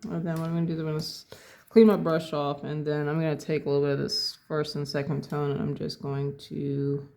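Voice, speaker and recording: A painting instructor narrating a tutorial in an unhurried way, thinking aloud step by step as they work. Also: medium pitch, flat delivery, vocal fry, a little mellow.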